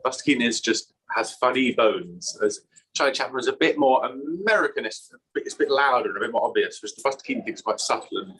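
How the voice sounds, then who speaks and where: A man's voice: mid-range voice, expressive, fast, fairly bright tone, breathy edge, poor audio. An English man guest in casual interview chat, rambling and restarting his sentences, laughing often. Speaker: magician guest.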